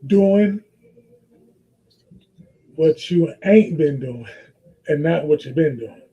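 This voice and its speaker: A man's voice: fairly high pitch, animated, takes it slowly, dark tone. A man co-hosting a podcast in casual chat, emphatic as he explains his points. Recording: dull lo-fi mic.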